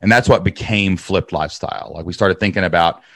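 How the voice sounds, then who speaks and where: A man, telling energetic stories in an interview and acting out quotes. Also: low voice, brisk, no echo. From Kentucky. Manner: energetic, repeats words, acts out quotes. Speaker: podcast host and guest. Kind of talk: animated storytelling interview.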